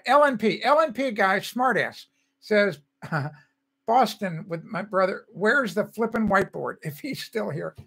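A man's voice: high voice, lively intonation, measured pace, creaky, a bit bright, breathy edge. An older man hosting a casual livestream, chatting loosely and reading out viewer comments as he greets people by name. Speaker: livestream host.

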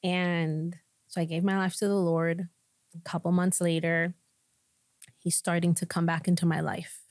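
A woman with a fairly low voice tells her story as a pastor on a podcast. She tells it with animated storytelling, and her voice is recorded close and dry. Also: moderate pace, no echo. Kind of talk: personal testimony in podcast conversation.

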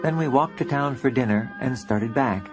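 A man's voice: mid-range voice, moderate pace, music in the background. A man reading his own book aloud as audiobook narration, telling the story in a plain, reflective way.

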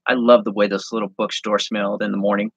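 A man reading his handwritten story aloud, halting and correcting himself as he goes. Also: lowish voice, flat delivery, a bit bright, slightly rough, no echo, muffled recording. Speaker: online reseller and host.

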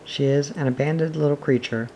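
Man voicing a prim motherly girl from a storybook, fussy and mellow-toned. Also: fairly high pitch, fairly even intonation, fairly quick, slight background noise, natural voice. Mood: tart. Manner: prim, fussy, gently scolding. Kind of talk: audiobook reading.

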